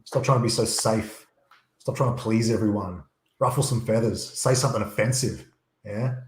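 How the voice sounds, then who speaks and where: A man's voice: on the low side, normal speed, a little hiss or hum. A man talking as a guest over a video call, blunt and opinionated, swearing freely. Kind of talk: casual chat. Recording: echoey room.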